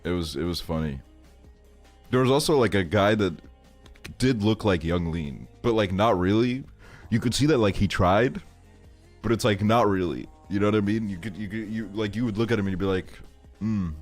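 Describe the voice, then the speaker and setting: A man's voice: fairly low pitch, normal speed, faint music behind. A man in his twenties telling a rambling story on a live stream, laughing often and swearing a lot. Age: 20s. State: tired. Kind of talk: casual stream chat, storytelling.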